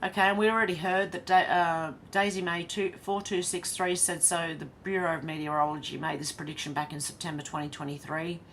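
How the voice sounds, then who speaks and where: A woman's voice: lowish voice, little pitch movement, fairly quick, few pauses, a bit bright, slight background noise. An Australian woman hosting a casual live stream, reading viewer comments aloud, chatty and blunt, laughing often and swearing.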